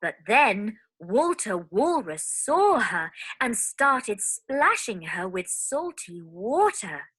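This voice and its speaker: A woman narrating a recorded children's phonics story in a lively, sing-song storytelling way. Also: medium pitch, slow, breathy edge.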